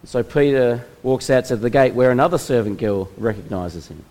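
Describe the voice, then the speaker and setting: A man preaching a sermon, retelling a Bible story in a measured way with slow, dramatic pauses. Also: mid-range voice, animated, darkish tone, poor audio. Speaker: pastor.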